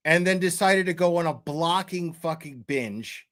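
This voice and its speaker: A man's voice: fairly high pitch, a little slow, few pauses, fairly bright tone. A man hosting a reaction commentary, mocking and profane as he talks over clips. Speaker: commentary host.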